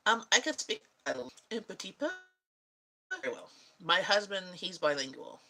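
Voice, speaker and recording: A woman's voice: fairly low pitch, expressive, a little fast, pushed and bright, poor audio. A woman vlogger chatting casually with viewers, rambling and laughing often. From Canada. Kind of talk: casual chat answering viewers.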